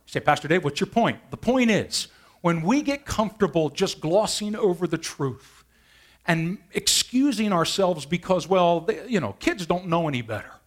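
A man preaching a sermon as pastor, an animated storyteller who laughs along with his own stories. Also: a little high.

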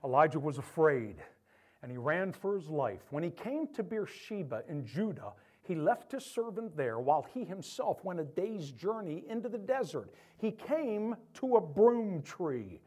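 A male pastor delivers a sermon in a high, lively voice that swings up and down. He jokes with the congregation and acts out the Bible figures as he tells their stories. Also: measured pace. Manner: animated, joking asides to the congregation.

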